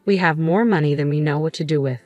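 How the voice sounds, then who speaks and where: A woman reading a story puts on an arrogant young woman who sneers and snaps. The voice sits low but is pushed up into a sharp, scornful tone. Faint music plays softly behind her. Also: fast talker, no echo, muffled recording, close to an everyday voice. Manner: scornful, snapping.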